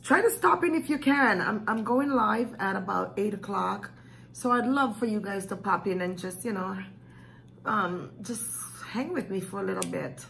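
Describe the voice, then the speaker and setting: A woman's voice: mid-range voice, normal speed, gravelly, fairly bright tone, slight background noise, low-quality recording. A woman vlogger thanking her viewers, emotional and gushing, tearing up as she talks. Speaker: mukbang vlogger. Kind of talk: heartfelt thank-you talk to viewers.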